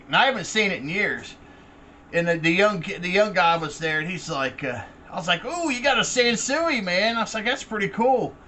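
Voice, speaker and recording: Bright-voiced man rambling casually. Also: high voice, a little hiss or hum. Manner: rambling, laid-back, swears freely. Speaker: vlogger.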